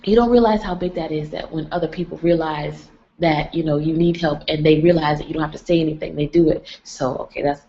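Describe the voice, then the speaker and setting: A woman's voice: sits low, fairly even intonation, a little fast, mellow. A young woman chatting on a livestream, rambling and folksy. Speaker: vlogger. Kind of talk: casual livestream chat. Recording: lo-fi livestream audio.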